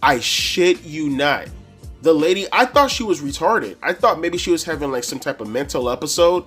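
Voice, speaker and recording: A man telling a casual, profane story to camera as a wrestling reviewer, animated and full of slang. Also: a little high, normal speed, husky, faint music behind.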